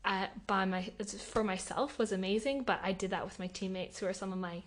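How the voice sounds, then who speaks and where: A young Australian woman, a podcast guest, telling her story in an animated, emotional way with lots of fillers. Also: mid-range voice, a little fast. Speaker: podcast guest, Olympic athlete. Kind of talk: casual interview conversation.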